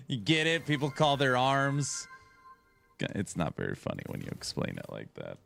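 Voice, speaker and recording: A male streamer chats to his audience at an unhurried pace, teasing them in a bright, clear voice. His pitch bounces around a lot as he jokes, pouts and plays along, never in a hurry. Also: sing-song. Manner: playful, teasing, talks back to chat. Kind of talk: casual live-stream chat.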